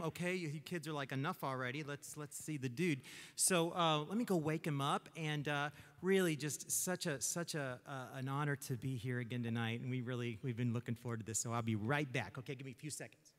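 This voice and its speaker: A man's voice: a little high, brisk, hardly any pauses, a bit bright. A man hosting a church puppet show as ventriloquist, talking in a folksy, rambling way. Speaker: ventriloquist host. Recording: hall reverb with music.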